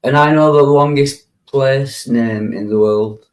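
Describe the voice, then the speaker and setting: A man's voice: medium pitch, measured pace, a little mellow, poor audio. A man chatting casually in a group stream, laughing often and leaning on fillers like "yeah" and "like.". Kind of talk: casual chat.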